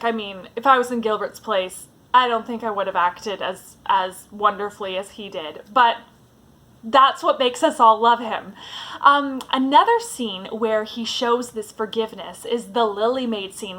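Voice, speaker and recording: A woman's voice: fairly high pitch, sharp tone. A woman giving a casual, chatty vlog talk as a book vlogger, with a fond tone and lots of "like"s.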